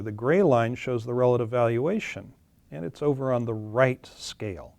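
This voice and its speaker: A man's voice: medium pitch, lively intonation, moderate pace, creaky, a little mellow, no echo. A man explaining charts in a webinar, plainly and with some fillers and self-corrections. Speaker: webinar presenter. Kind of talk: webinar presentation walking through charts.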